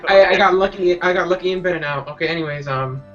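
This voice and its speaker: High voiced guy rambling at the table, dull lo-fi sound. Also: quick pace, a bit bright, soft background music. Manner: rambling, hesitant, many fillers. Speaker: player. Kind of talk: casual chat during a tabletop game.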